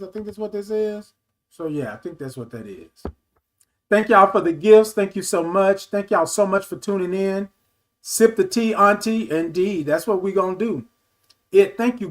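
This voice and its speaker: A man in his fifties hosting a casual livestream talk show, reading viewer comments aloud and answering them in an animated, affectionate way. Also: high-pitched. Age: 50s. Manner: animated, affectionate, calls viewers baby and y'all.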